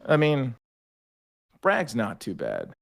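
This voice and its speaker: A man's voice: medium pitch, slow, creaky. A young man telling army stories in a casual podcast chat, swearing freely and acting out the people he quotes. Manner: profane, animated storyteller acting out quotes. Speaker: podcast guest, army veteran.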